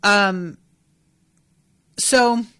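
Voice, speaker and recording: A woman's voice: medium pitch, drawn-out words, pushed and bright, smooth. A woman hosting a podcast, reading passages from a book aloud and reacting to them candidly with frank asides and casual swearing. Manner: candid and irreverent, swears freely, rhetorical questions. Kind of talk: casual chat mixed with read-aloud passages.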